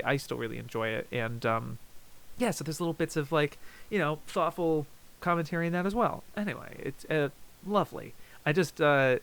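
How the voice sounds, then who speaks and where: A man's voice: mid-range voice, a bit bright. A man hosting a casual review show, talking loosely with many fillers and restarts. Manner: rambling, lots of fillers and restarts. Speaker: host reviewing YouTube videos. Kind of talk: casual chat.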